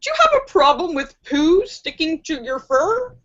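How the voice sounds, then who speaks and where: A woman's voice: high voice, very animated, moderate pace, a bit bright, lo-fi sound, voice pushed up. A woman voicing a polite male bear in a crude joke, speaking in a mock-formal, courteous way.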